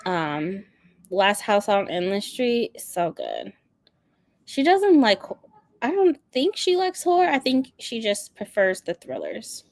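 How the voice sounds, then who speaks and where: A woman's voice: medium pitch, big pitch swings, slow, creaky, darkish tone, dry recording, studio quality. A woman hosting a book channel, chatting casually and animatedly with frequent laughter. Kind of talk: casual livestream chat.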